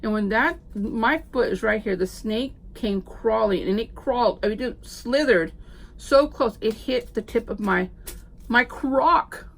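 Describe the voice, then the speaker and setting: A middle-aged woman, a homeschooling mom telling stories in a chatty, animated vlog. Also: on the high side, a little slow. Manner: chatty, animated storyteller with frequent fillers. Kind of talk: casual chat.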